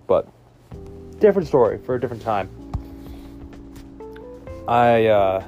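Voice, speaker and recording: A man's voice: medium pitch, a little mellow. A man casually recapping a movie's plot, rambling with lots of restarts and fillers.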